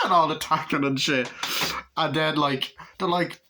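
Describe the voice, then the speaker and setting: A man's voice: on the high side, brisk, background noise. A young man giving a casual, rambling movie review, hyper and swearing a lot, slipping into silly voices for quotes.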